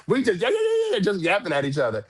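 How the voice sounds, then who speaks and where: A man telling a story as a podcast guest, frank and animated, with cursing and sudden high jumps in pitch when he quotes people. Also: quick pace, husky. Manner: frank, swears freely. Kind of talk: storytelling in a casual interview.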